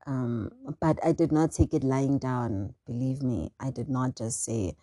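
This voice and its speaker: A young South African woman hosting her own show, talking in an animated, indignant monologue. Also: rumbling low, measured pace, no echo. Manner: animated and indignant, mixing English with local words. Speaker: podcast host. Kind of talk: casual monologue.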